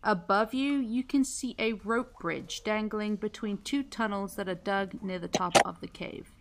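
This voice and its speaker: A woman's voice: mid-range voice, measured pace, heavy background noise. A woman narrating a tabletop game as game master, easygoing and often laughing.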